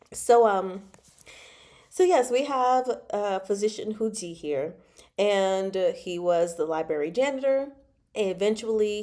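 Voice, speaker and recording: A woman hosts a casual book chat, wandering off on tangents and laughing as she goes. Her voice is soft and mellow, and her pitch sits right in the middle. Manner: chatty, digressive, laughs often. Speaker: book club host. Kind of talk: casual chat about a novel.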